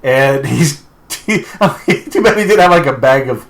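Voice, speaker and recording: A man chatting casually as a podcast co-host. He rambles, corrects himself mid-sentence and laughs often. His voice sits at an ordinary middle pitch. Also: expressive, a little slow, fairly bright tone. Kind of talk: casual chat.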